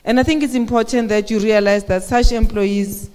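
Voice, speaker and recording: A woman's voice: a little high, steady tone, normal speed, noisy background. A woman giving a motivational talk at a women's conference, speaking conversationally and often asking the audience questions. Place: conference hall. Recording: echoey hall with long reverb.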